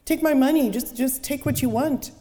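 A woman playing a terrified man begging for his life, voice pushed high and loud, words tumbling and stammering. The reading rings through a big, reverberant hall. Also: expressive, normal speed. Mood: pleading. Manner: frantic, stammering pleas. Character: panicked middle-aged man, well-fed, pleading.

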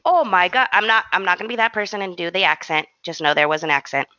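A young adult woman co-hosting a podcast, telling a story in an animated, slangy, self-mocking way. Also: lowish voice, fast, dry recording, highs cut off. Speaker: podcast co-host. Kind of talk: casual storytelling chat.

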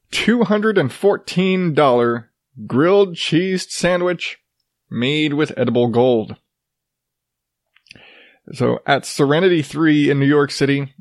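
A man hosting a comedy news podcast, sarcastic and profane, often breaking into laughter. His voice sits at an ordinary middle pitch. The sound is dry and close, with no room around it. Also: no echo. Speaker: podcast host. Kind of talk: casual comedic news commentary.

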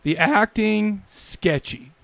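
A man hosting a podcast, chatting casually about a film, animated and joking with quick asides. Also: sits high, creaky, dry recording. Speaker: podcast host. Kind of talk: casual movie review chat.

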